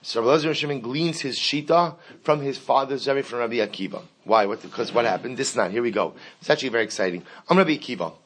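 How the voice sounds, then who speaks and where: A man's voice: mid-range voice, fast, few pauses, fairly bright tone, slightly rough. A man teaching a Talmud lesson, switching between Hebrew and English, repeating key phrases and asking rhetorical questions.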